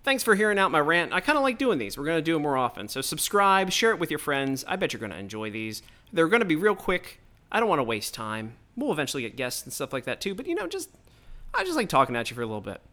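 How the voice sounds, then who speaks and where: A man's voice: fairly high pitch, huge pitch swings, quick pace, pushed and bright. Fired-up man ranting solo. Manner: heated, profane, rambling rant. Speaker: podcast host. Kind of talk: solo political rant.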